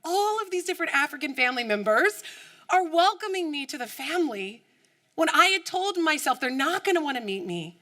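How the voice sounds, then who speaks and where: A woman from the United States giving an inspirational keynote talk, telling her story with animated storytelling and acting out the voices of the people in it. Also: high voice, moderate pace. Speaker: keynote speaker.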